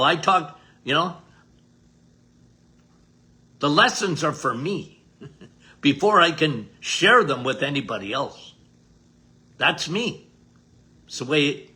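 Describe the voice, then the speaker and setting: An older man with a bright, sharp, high-set voice that swoops up and down as he talks. He hosts a podcast as a doctor and drives home his points in an emphatic, folksy way, circling back and repeating himself. He takes his time between phrases. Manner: emphatic, repetitive, folksy preacher-like delivery. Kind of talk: casual health talk monologue.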